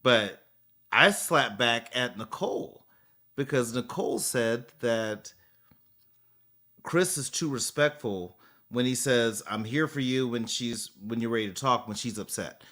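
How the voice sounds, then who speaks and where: A man's voice: medium pitch, a little slow. A man co-hosting a podcast, chatting casually and acting out little scenes as he argues his point. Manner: animated, acts out little scenes. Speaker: podcast co-host. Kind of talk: casual chat.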